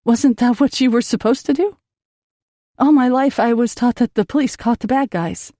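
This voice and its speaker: A woman's voice: on the high side, normal speed, mellow, dry recording, clean studio sound. A woman narrating an audiobook in an emotional first-person reading.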